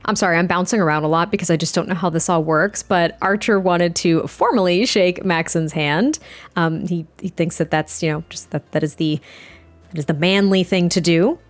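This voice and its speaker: A young adult woman giving excitable, chatty commentary on a life-sim game, often gasping and laughing. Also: on the low side, moderate pace, soft background music. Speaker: let's play gamer. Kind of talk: gameplay commentary.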